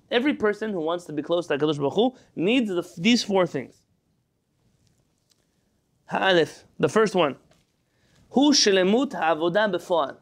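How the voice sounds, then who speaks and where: A man's voice: high voice, creaky. A man teaching a Torah class. He reads Hebrew lines, explains each one in English, and asks his listeners rhetorical questions.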